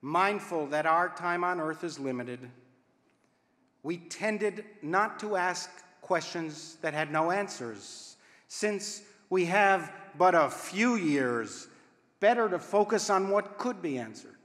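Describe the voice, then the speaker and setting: A rabbi delivers a contemplative sermon, weighing each phrase and letting it hang before the next. His voice sits fairly high for a man and moves at a slow, deliberate pace, with the occasional wry aside. The sound rings out in a roomy space with a long, trailing reverb. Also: animated, fairly bright tone. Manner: measured, deliberate, with long pauses between phrases. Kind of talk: reflective sermon. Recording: echoey room with long reverb.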